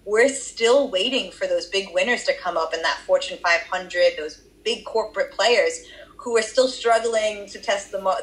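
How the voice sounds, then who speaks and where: Heard through poor audio, a woman's medium-pitched, slightly bright voice carries a Boston accent. She's an interview guest discussing her research, giving long explanations with the odd filler.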